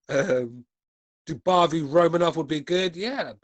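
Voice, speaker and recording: A British man in his forties, hosting a podcast, reads out chat comments in a casual, blunt way and swears as he goes. His voice is on the high side and animated, with an unhurried pace and long pauses. There's no echo on the recording, and he's from the United Kingdom.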